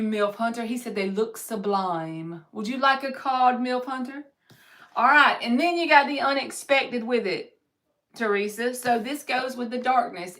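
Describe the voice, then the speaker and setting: A woman's voice: medium pitch, a bit bright. A woman giving a live-streamed tarot reading, reading viewers' comments aloud and answering them in an upbeat, encouraging way. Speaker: tarot reader.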